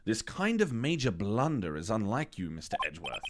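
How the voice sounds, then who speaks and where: A man voicing a sinister, smooth-talking older male police chief with a slow, deliberate Southern drawl. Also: on the low side, huge pitch swings, noisy background. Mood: menacing. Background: game music.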